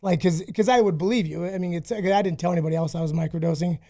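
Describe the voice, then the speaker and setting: Man, high voice, profane, rambling, self-mocking, podcast guest. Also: quick pace, dark tone. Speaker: guest, former fighter. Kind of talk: casual podcast storytelling.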